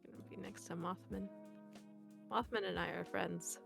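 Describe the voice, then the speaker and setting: A woman's voice: fairly low pitch, steady tone, moderate pace, gravelly, pauses often, fairly bright tone, slightly rough, soft background music. A woman chatting playfully as a guest streamer, giggling often and making goofy noises. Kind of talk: casual stream chat.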